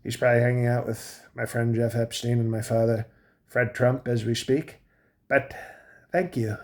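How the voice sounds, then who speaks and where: A man's voice: medium pitch, level tone, normal speed, darkish tone, natural voice. A man doing a boastful rambling old president. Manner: rambling, boastful, trails off and restarts mid-thought. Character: boastful rambling older male president, 78, self-admiring. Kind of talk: comic impression monologue.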